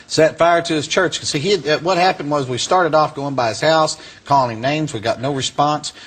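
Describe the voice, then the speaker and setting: A man's voice: on the high side, normal speed. Folksy man telling a story. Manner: folksy, animated, drawling storyteller. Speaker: former Klansman turned preacher. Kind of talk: storytelling testimony to an audience.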